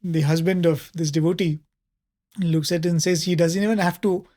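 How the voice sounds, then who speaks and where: A man's voice: on the high side, fairly even intonation, moderate pace. Man retelling a story, many fillers. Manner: conversational retelling with frequent fillers and soft laughs. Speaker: panelist. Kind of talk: spiritual storytelling in a panel discussion.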